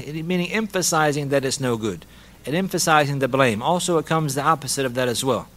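A man's voice: medium pitch, lively intonation, a little fast, a bit bright. A man teaching a lesson on a hadith and Arabic rhetoric, repeating key phrases, mixing in Arabic terms and laughing lightly. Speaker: Islamic teacher.

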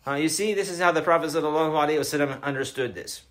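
A man's voice: fairly high pitch, very fast, a bit bright. A man giving a religious lecture, emphatic and repetitive, often asking his listeners questions. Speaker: Islamic lecturer.

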